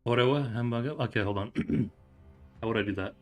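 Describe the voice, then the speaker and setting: A man streaming a story game reads out the dialogue and chats with his audience in a relaxed, meandering manner. His voice sits on the low side with little pitch movement and a fairly quick pace, while faint music plays underneath.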